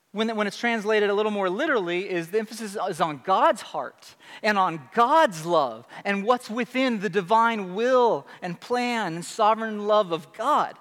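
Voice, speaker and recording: A man's voice: high voice, a bit bright, in a large hall. A man preaching a sermon as pastor, conversational and emphatic, often restarting and asking rhetorical questions. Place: church sanctuary.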